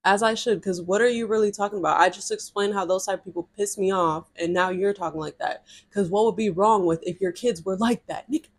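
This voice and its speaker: A young woman casually telling a personal story to her followers, chatty and animated, filling her talk with "like". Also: mid-range voice, fairly quick, hardly any pauses. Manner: chatty and animated, with heavy use of "like" and reenacted dialogue. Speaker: storytime vlogger.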